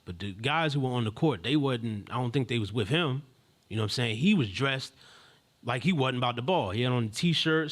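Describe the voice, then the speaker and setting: A man's voice: mid-range voice, a bit bright. A man hosting a live stream, telling a story in a casual, rambling, slangy way with many asides and restarts.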